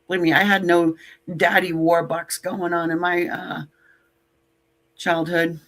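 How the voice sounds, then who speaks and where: A woman's voice: fairly low pitch, flat delivery, a little slow, fairly bright tone. A woman giving a casual tarot reading to camera, blunt and joking, with sassy asides and casual swearing. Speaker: tarot reader.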